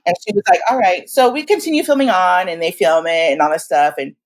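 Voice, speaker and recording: Lively storytelling woman in her forties. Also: fairly low pitch, fast. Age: 40s. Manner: animated, laughs often, acts out quoted voices. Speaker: guest. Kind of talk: casual storytelling.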